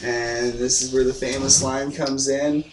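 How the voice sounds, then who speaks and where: A man's voice: mid-range voice, flat delivery, unhurried, crowd noise. A young man co-hosting a casual movie review, retelling the plot in a rambling, laid-back way with lots of fillers. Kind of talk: casual movie recap chat. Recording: echoey room, distant mic, light hiss.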